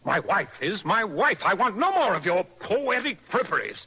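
A proud, earnest parson. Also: male voice, high-pitched, very animated, normal speed, creaky, breathy edge, heavily acted, rough recording. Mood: stern. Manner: forceful, indignant. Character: proud, earnest middle-aged male parson. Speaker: clergyman and husband. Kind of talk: stage play acted for radio.

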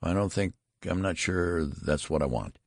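A man voicing a mortified, nervous father in a storybook reading, stammering and hurried. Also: low voice, expressive, gravelly, no room sound, clean studio sound, full character voice. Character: flustered, mortified middle-aged father.

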